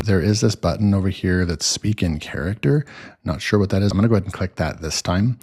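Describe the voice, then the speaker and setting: Deep-voiced man walking through a tutorial. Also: darkish tone. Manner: rambling, with many fillers and restarts. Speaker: software reviewer. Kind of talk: casual screen-recording tutorial.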